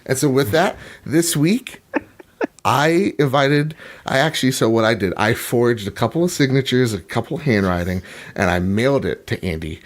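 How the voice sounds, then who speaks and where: Male co-host, animated and profane, rambling comic storyteller. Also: medium pitch, normal speed. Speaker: podcast co-host. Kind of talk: casual comedic chat.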